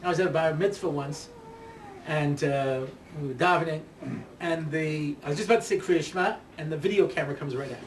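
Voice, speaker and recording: A man giving a humorous talk as a rabbi, telling stories in an animated way with many "you know"s. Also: a little high, a little fast, a little hiss or hum. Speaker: rabbi, speaker. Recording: roomy hall recording from a distance.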